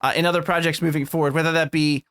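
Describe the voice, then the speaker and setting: A man chatting on a podcast, crude and jokey, rambling from one thought to the next. His voice sits on the high side. The sound is dry and close, with no room echo. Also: level tone, fast, a bit bright, clean tone. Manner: crude, joking, rambling, laughs often. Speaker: podcast co-host. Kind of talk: casual chat.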